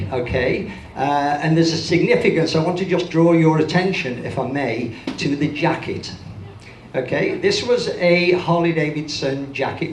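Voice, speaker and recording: An older man with a Birmingham accent speaks from a stage, his voice pitched a bit high for a man and ringing in an echoey hall. He jokes and teases himself in a chatty keynote manner, with a faint hum of the room behind him. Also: darkish tone. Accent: Birmingham English. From Birmingham, England. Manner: joking, self-deprecating, chatty. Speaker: motivational speaker. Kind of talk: conference keynote talk. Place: large conference hall with audience.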